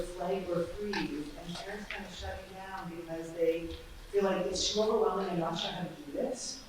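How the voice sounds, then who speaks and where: Calm woman panelist in an echoey hall. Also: medium pitch, far from the mic, slight background noise. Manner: calm, earnest advice-giving. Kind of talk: community panel talk.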